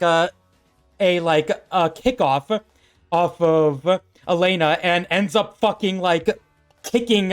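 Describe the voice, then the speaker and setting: A man's voice: high-pitched, smooth. A man running a tabletop game as game master, narrating a fight in rambling bursts full of fillers.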